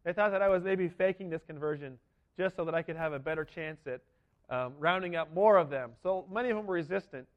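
A man's voice: on the high side, fast talker, lo-fi sound. A man giving an earnest, emphatic sermon as a first-person dramatic monologue. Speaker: preacher.

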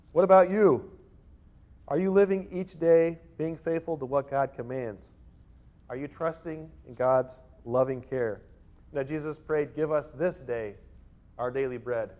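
A man's voice: on the high side, a little mellow. A man preaching a sermon as pastor, acting out little voices in his stories. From Northern California. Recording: dull lo-fi sound.

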